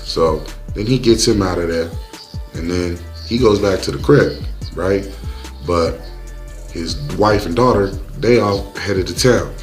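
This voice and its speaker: A man's voice: low-pitched, measured pace, soft background music. A young man narrating a movie recap in loose, slangy, joking storytelling.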